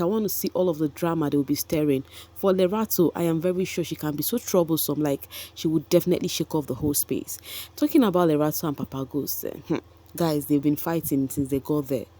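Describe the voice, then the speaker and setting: A woman's voice: deep voice, fairly quick, mellow. A woman, gossiping chattily about a reality show for her vlog viewers, with frequent asides to them. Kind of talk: casual commentary vlog.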